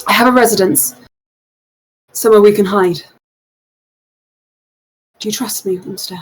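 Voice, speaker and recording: A woman game master plays a nervous, secretive man wrapped in a cloak. He speaks earnestly and haltingly, with a husky, breathy edge, in a mid-pitched voice. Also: steady tone, poor audio. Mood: urgent.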